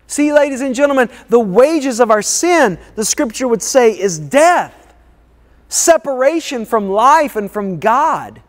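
A man's voice: very high voice, animated, unhurried. A man preaching a sermon as a pastor, emphatic and repetitive, calling for responses from the congregation. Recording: long reverb of a large hall.

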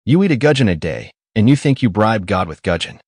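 A man's voice: on the low side, big pitch swings, fairly quick, breathy edge, no room sound, clean studio sound. A man voicing a buffoonish, lying old father who splutters and rants theatrically in an audiobook. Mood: mocking. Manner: shouting, mocking, self-dramatizing. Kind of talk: audiobook character reading.

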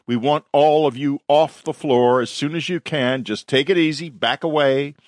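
A man's voice: fairly high pitch, normal speed, no echo, studio quality, voice pushed up, natural voice. A man voicing a young, nervous police officer telling a crowd to back away with firm commands. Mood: commanding.

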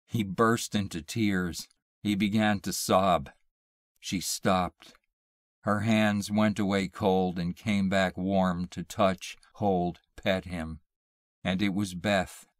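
A man slowly reading a horror short story aloud in a measured, hushed way. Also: low-pitched, fairly even intonation, no echo. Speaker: narrator. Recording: dry close mic, audio only.

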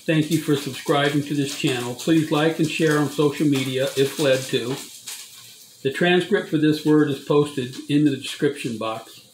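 A man with a somewhat high voice reads a prophetic message in a slow, solemn, measured way. He hosts his own channel. The recording sounds echoey, with faint noise behind him. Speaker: channel host sharing prophecy.

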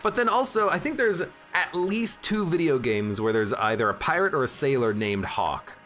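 A man's voice: fairly high pitch, lively intonation, normal speed, fairly bright tone, faint music behind. A man giving casual, jokey gameplay commentary while streaming and chatting with his viewers. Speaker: streamer playing a video game.

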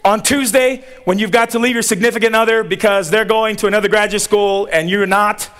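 A man giving a commencement sermon, driving points home with rhythmic repetition and pauses. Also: sits high, fairly bright tone. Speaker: commencement speaker.

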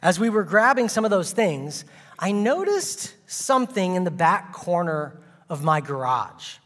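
A man's voice: high voice, sing-song, measured pace, fairly bright tone, long reverb tail. A man preaching a sermon as a guest speaker, telling a funny story with playful asides and comic timing.

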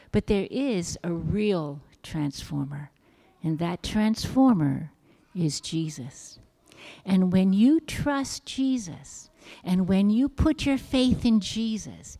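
A woman giving a children's sermon in church, reading a Bible story in a gentle, expressive storytelling manner. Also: fairly low pitch. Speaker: children's message leader at church. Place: church sanctuary.

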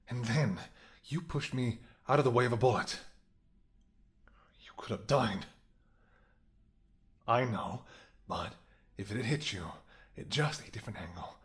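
A man voicing a protective male bodyguard who is anxious and tender toward his lover, in a soft, gently scolding whispered role-play. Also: on the low side. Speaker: voice actor.

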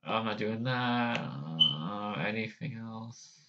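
A man's voice: fairly low pitch, slow pace, sharp tone, highs cut off, a little hiss or hum. A man hosting a casual vlog, hesitant and self-deprecating as he tries out character voices. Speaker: channel host.

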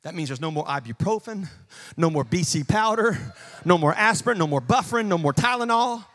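A man preaching a sermon as pastor in a church, dropping to quiet asides and rising to shouts. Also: expressive, brisk. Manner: swings from low murmurs to shouted preaching.

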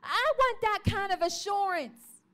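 Very high-voiced woman preaching a testimony. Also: measured pace. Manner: animated storytelling, acts out the voices in her story; calls out to the congregation. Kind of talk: sermon testimony. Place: church.

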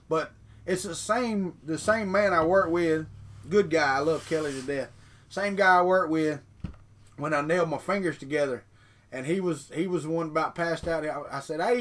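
Rambling folksy man, slightly high. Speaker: 3D printing vlogger reading chat. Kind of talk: casual morning live chat.

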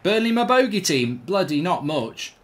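This middle-aged gaming host speaks at normal speed in a high, sing-song voice. Providing live commentary on his football video game, he groans at his team, swearing in exasperation.

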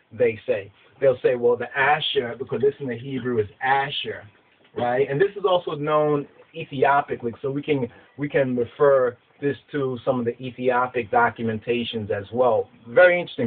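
A man giving a religious scripture lesson in an emphatic, repetitive way, often asking if listeners understand. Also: mid-range voice. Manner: emphatic, repeats words, asks "you understand?". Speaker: Rastafari teacher. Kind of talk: religious teaching, scripture study. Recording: tinny phone-like recording.

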